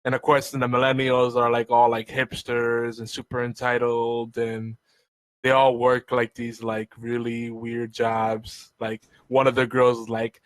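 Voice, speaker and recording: A man's voice: mid-range voice, completely flat delivery, unhurried, no room sound. A man co-hosting a podcast, giving wry, amused commentary in casual chat. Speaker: podcast co-host.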